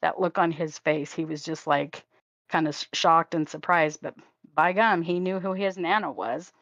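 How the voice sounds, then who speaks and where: Older woman, chatty and laughing, low voice. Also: normal speed, fairly bright tone, no room sound. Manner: chatty storyteller, laughs often. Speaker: crafting livestream co-host. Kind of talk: casual chat with a sibling on a livestream. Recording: dry, slightly dull home stream audio.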